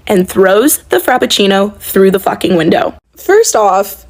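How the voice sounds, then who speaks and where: A woman recounts a work story in a casual, sarcastic tone. Her voice sits at an ordinary middle pitch, and she swears freely as she builds to the punchline. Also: very animated, unhurried, creaky, few pauses. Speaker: service worker.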